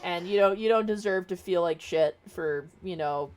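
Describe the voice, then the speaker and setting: A woman's voice: lowish voice, moderate pace, soft background music, lightly acted. Frank young heroine, blunt and sweary; a woman streamer reading her in her own voice. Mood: sympathetic.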